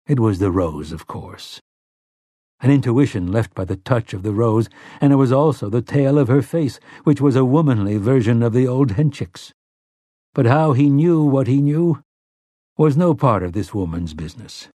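Steady male audiobook narrator, dry sound. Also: medium pitch, moderate pace, no echo. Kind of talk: scripted narration.

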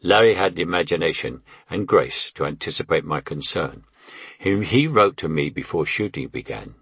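An older man reads his memoir in a deep, husky voice, wry and anecdotal. The sound is dry and close, with no room around it. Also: animated, normal speed, fairly bright tone, no echo. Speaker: memoir narrator. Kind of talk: memoir audiobook narration.

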